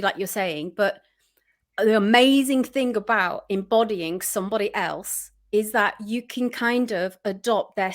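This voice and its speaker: Brief: female guest coach, earnest, encouraging, conversational. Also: mid-range voice. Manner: earnest, encouraging advice-giver. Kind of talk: casual interview chat.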